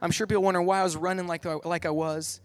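A man's voice: sits high, flat delivery, fast talker, dry recording, faint music behind. A middle-aged man telling a personal story in a sermon, then leading into prayer, earnest and vivid with lots of "like". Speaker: Catholic speaker.

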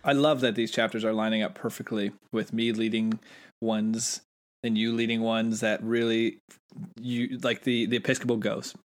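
A man's voice: lowish voice, little pitch movement, moderate pace. A man co-hosting a casual podcast, musing enthusiastically and thinking aloud. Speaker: podcast co-host. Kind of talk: casual book-discussion podcast.

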